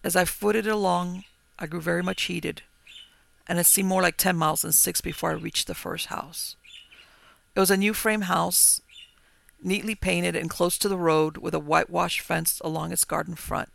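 A man narrating a ghost story in a measured, old-fashioned storytelling manner. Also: high-pitched, steady tone, gravelly, fairly bright tone.

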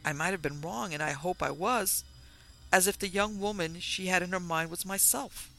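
Man reading a wary young widow, kinda high and bright, gravelly, keeps it cool. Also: normal speed, faint music behind, full character voice. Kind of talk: audiobook character reading.

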